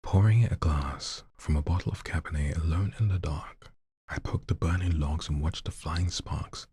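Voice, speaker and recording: A man hosting a live show, reading submitted poems in a soft near-whisper and chatting loosely between them. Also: deep voice, no room sound, clean studio sound. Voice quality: husky, breathy. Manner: reads softly in a near-whisper, then chats loosely with slang. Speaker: host reading listener submissions. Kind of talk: live poetry reading with casual commentary.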